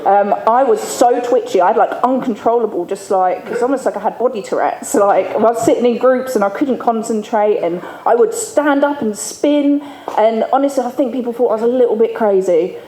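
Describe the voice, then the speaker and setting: A woman with a warm voice on the high side speaks briskly, barely pausing, while giving a personal recovery testimony to an audience. She is candid and chatty and laughs a lot. The event hall is echoey, with faint room ambience.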